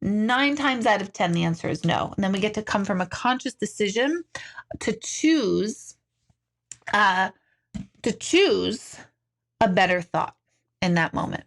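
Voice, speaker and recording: A woman hosts a casual live stream as an intuitive, reading out viewer comments in an animated, chatty way, swearing casually and laughing often. Her voice is medium-pitched, her pace measured, with frequent pauses.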